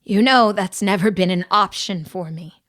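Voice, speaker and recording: A calm, firm old woman who keeps her voice low and steady, read by a woman narrator. She speaks quietly, as if urging restraint. This is from a storybook audiobook. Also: moderate pace, natural voice. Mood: hushed.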